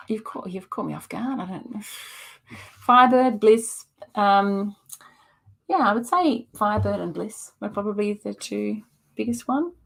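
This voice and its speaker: A woman, a festival director hosting a live-streamed preview and answering chat questions off the cuff, hesitant with many ums. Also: on the high side.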